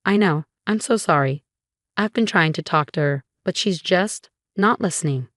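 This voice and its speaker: A woman's voice: lowish voice, normal speed, no room sound, clean studio sound, close to an everyday voice. A woman voicing a young husband who speaks firmly and coldly to his mother. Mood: upset. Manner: firm, cold.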